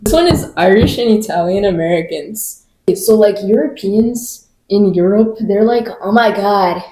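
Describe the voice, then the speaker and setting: Warm-toned woman in an echoey room. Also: mid-range voice, lively intonation, normal speed, a little hiss or hum. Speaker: podcast co-host. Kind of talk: casual chat.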